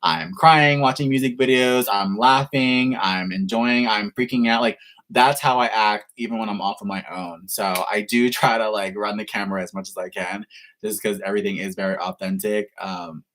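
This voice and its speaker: Gushy guy, kinda low voice, rambling q&a with his viewers, says like a lot. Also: fairly even intonation, moderate pace, fairly bright tone. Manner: effusive, gushing, heavy use of "like". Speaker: reaction channel host. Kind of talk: casual livestream Q&A.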